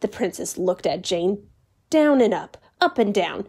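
A woman calmly and expressively reading a children's story aloud. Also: medium pitch, moderate pace. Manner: calm, expressive read-aloud.

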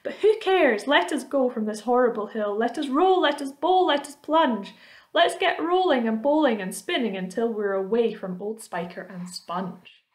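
A boastful storybook centipede, put on by a woman reader, all high-pitched excitement. He shouts and rattles off rhyming brags, thrilled to be on the move. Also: moderate pace, hardly any pauses, natural voice. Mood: exuberant.

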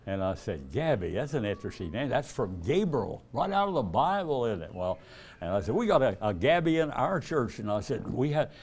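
An older male evangelist tells folksy stories in a sermon, acting out the dialogue in a raised voice and chuckling often. His mid-range voice is husky and a little mellow, and he speaks very animatedly at a slightly fast pace.

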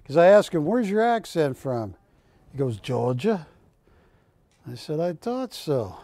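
A man's voice: on the high side, big pitch swings, measured pace, dark tone, no room sound. A man hosting a live shopping channel, joking with the crew and counting prices down. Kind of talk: live TV sales pitch and banter.

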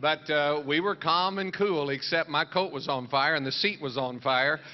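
A man's voice: fairly high pitch, moderate pace. A man, a pastor, telling a funny story to a crowd in an easygoing way. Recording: lo-fi 1980s broadcast, crowd noise.

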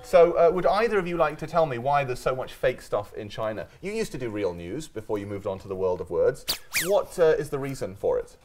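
A man's voice: medium pitch, very animated, fairly quick, noisy background. A man hosting a comedic news panel show, bantering with guests in a teasing, sarcastic way. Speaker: host.

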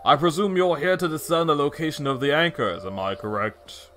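A man voicing a serious old male sword keeper in a game playthrough, speaking in a formal, measured way. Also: fairly high pitch, a bit bright, faint music behind, natural voice. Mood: solemn. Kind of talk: video game voice acting.

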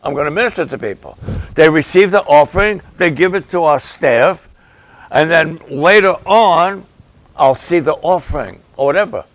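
A male pastor preaching to the camera, slow and emphatic, repeating key phrases for weight. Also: a little high, lively intonation, no room sound. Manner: slow, deliberate, emphatic with repetitions.

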